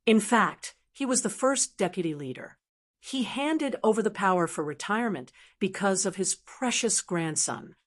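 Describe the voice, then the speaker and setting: A woman narrating a martial arts novel audiobook in a steady, even storytelling manner. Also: mid-range voice, moderate pace. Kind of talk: scripted narration.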